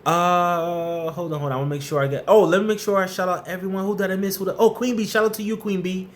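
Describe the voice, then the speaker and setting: A man hosting a live stream, chatting casually, giving viewers shout-outs and blunt, tough-love workplace advice. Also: high voice, fairly even intonation, fast.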